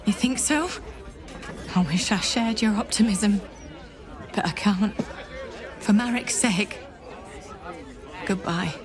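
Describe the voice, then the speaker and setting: A woman's voice: medium pitch, lightly acted. An actress voicing a desperate townswoman who pleads to sell a necklace so she can flee, in a game. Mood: resigned. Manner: pleading, hurried. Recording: game dialogue under tavern crowd.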